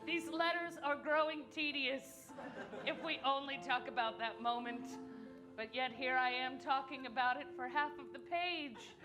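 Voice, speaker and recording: A woman improvising a comic love letter on stage in a mock-romantic, deadpan manner. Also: sits high, unhurried, over music. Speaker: improv performer.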